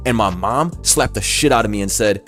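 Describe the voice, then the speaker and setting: A young man telling a story casually, animated and swearing, acting out voices. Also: lowish voice, brisk, faint music behind.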